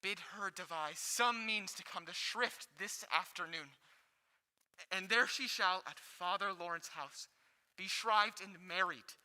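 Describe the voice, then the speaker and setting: A woman playing an earnest young male lover in a Shakespeare stage reading, courtly and ardent. The tone is very sharp and bright. A long reverb hangs on it. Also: on the low side, a little slow. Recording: long reverb on live stream.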